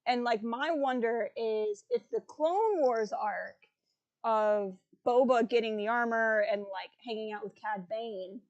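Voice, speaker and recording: A young woman co-hosting a casual fan chat, excitable and rambling, laughing often. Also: a little high, measured pace, dull audio. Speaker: podcast co-host.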